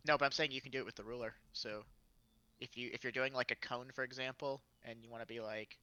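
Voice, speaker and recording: A man's voice: medium pitch, fairly even intonation, quick pace, pushed and bright, smooth, no echo, highs cut off. A man playing a tabletop game, joking casually with his group and stumbling over his words. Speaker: player.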